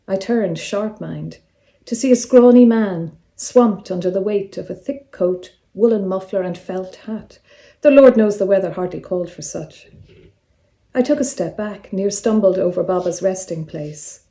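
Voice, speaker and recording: A woman, an author reading from her own novel in a calm, measured way. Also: medium pitch. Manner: calm, measured reading; casual, slightly hesitant when speaking off-script. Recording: roomy echo.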